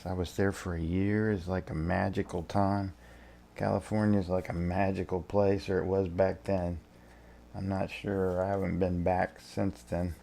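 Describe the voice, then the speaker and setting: A man's voice: sits low, gravelly, a little mellow. A man in his sixties, a tarot reader chatting on a casual vlog at home, rambling and easygoing as he thinks aloud.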